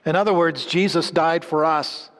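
A man preaching a sermon, swinging between emphatic lines and low, hushed endings. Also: steady tone, normal speed. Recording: long hall reverb.

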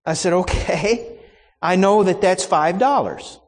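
A man's voice: sits high, a little slow, in a large hall. A man preaching a sermon, telling a personal story in a folksy, anecdotal way and acting out the exchanges.

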